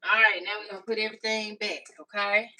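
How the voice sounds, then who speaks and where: A woman's voice: mid-range voice, level tone, quick pace. A woman chatting casually through a cooking tutorial, calling viewers "y'all" and "baby". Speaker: cooking vlogger. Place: home kitchen. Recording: slightly distant mic with faint noise.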